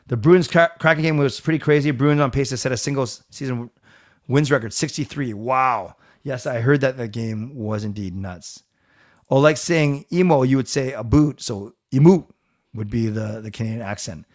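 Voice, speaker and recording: A middle-aged man hosting a live stream, reading viewer comments aloud and answering them in a relaxed, chatty way. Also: medium pitch, normal speed. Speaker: livestream host reading chat. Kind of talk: casual chat.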